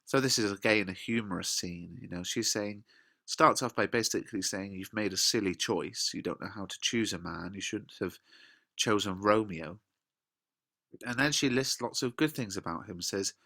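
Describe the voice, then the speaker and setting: A British man teaching, reading quoted lines with lively emphasis and then explaining them in casual words. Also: on the low side, normal speed, dry recording, clean studio sound. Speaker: English teacher. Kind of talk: explaining a play line by line.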